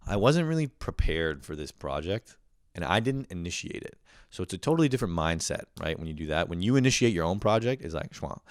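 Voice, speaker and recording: A man's voice: deep voice, sing-song, fairly quick, dry recording, studio quality. A man hosting a podcast, ranting casually and profanely, rambling with lots of "like" fillers. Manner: rambling, profane, heavy use of "like". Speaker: podcast host. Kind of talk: casual comedic rant.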